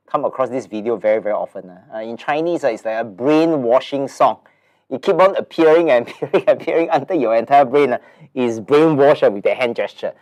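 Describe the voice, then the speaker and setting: A Singaporean English-accented man in his forties hosts an informal webinar in a medium-pitched, darkish voice that sounds nasal and stuffed up. He talks in a rambling, chatty way, full of fillers and repeated words.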